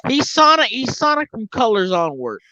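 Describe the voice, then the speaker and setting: A man's voice: extremely high pitch, huge pitch swings, moderate pace, bright, forceful tone, no room sound. A man chatting casually on a gaming podcast, rambling with many restarts. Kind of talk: casual chat. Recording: dull lo-fi dry mic.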